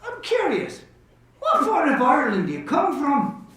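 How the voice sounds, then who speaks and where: A man putting on a high, cheery drinker toasting loudly. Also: wildly swooping pitch, normal speed, exaggerated voice. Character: jovial adult man in a bar, raising toasts. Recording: echoey room from far off.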